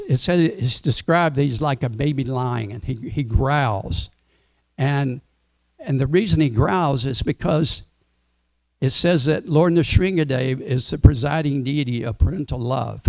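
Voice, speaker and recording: At a temple Sunday program, a man tells a devotional story as a sermon to a gathered audience, his gravelly, low voice dark and mellow. The sound is dry, close, and free of echo, and he speaks in a relaxed way, occasionally asking listeners questions.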